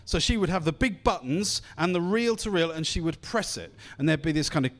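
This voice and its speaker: Lively, high-voiced English preacher. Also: male voice, fairly quick. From England. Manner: conversational, encouraging, with repeated phrases. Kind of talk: sermon. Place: church gathering.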